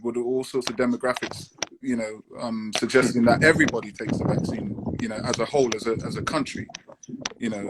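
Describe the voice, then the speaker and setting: A British man joining a discussion, speaking in a halting, thoughtful way with many fillers. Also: medium pitch. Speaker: discussion guest. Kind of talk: casual discussion. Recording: noisy background.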